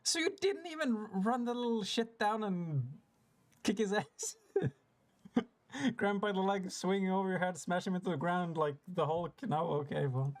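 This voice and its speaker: A woman's voice: on the low side, moderate pace. A woman streamer giving casual game commentary, joking, swearing and laughing often.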